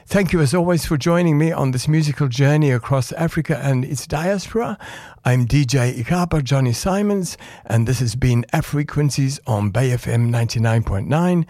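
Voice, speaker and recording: A man's voice: medium pitch, moderate pace, warm tone, no echo, studio quality. A man hosting a community radio music show, signing off in an upbeat, friendly announcing manner and a little out of breath. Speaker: radio DJ and host.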